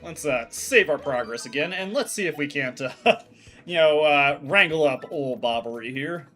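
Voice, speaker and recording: A man's voice: fairly high pitch, expressive, normal speed, a bit bright, soft background music. A man streaming a video game, chatting casually and laughing easily. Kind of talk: let's play commentary.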